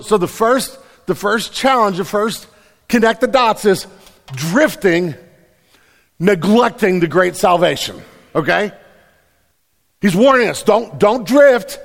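A man with a high, bright speaking voice preaches a sermon, animated and full of repeated phrases. He keeps checking in with the congregation with quick questions. His voice rings out with a long reverb in a church hall. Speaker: pastor.

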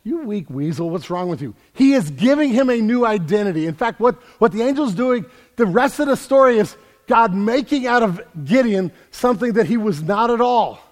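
A high-voiced man preaches with energy, doubling back on his words as he drives each point home. His voice carries a long reverb, as if filling a large church sanctuary. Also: moderate pace. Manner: energetic, repeats words while building emphasis. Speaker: pastor. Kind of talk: sermon.

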